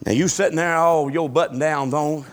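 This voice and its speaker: A middle-aged man preaching a sermon, swinging between shouted peaks and low, quiet passages. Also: steady tone, moderate pace, background noise. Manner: shouting, rising and falling Southern preaching cadence.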